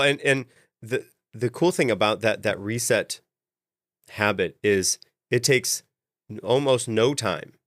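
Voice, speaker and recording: A man co-hosting a casual talk, giving calm coaching advice and often repeating words as he thinks. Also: medium pitch, no echo, studio quality. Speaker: podcast co-host. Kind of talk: casual chat.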